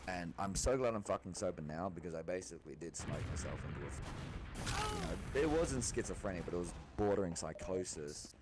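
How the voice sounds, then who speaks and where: Fairly quick and sing-song in a low voice, a young man vents in a rambling, agitated monologue. He swears often, breaks off and restarts sentences, and uses plenty of fillers. Loud noise is audible in the background.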